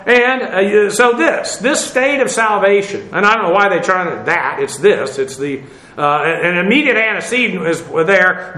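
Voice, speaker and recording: A man's voice: high-pitched, sharp tone, roomy sound, poor audio. A man teaching a verse-by-verse Bible lesson, rambling with many fillers as he spells out Greek words.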